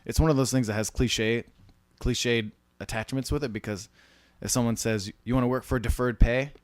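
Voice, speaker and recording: Animated storytelling man, dry close sound. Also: medium pitch, moderate pace, dry recording. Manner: animated storyteller, mimics people in quotes. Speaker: podcast co-host. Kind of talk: casual chat about the film business.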